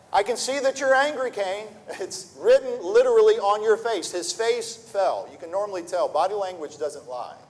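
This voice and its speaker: In a church sanctuary, a man preaches an earnest sermon full of rhetorical questions, often repeating words as he restarts a thought. His voice sits high and is a little mellow, and the church hall's long reverb carries it.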